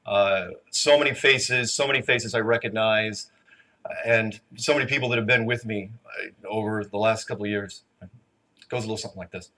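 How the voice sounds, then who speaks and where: A man's voice: medium pitch, pushed and bright. A man speaking live to a large conference audience, chatty and emotional, with stumbling restarts, before taking questions.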